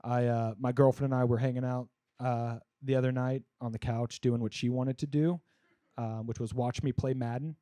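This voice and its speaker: A young man doing a stand-up comedy set in a comedy club, rambling conversationally with lots of fillers and bursting into louder punchlines. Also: medium pitch, little pitch movement, normal speed, dry recording.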